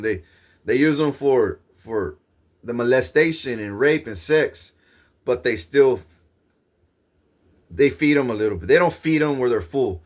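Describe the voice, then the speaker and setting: A man delivering an agitated, profane monologue to his viewers. He circles back over the same points and keeps saying "bro.". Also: medium pitch. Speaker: vlogger. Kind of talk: rambling monologue to camera.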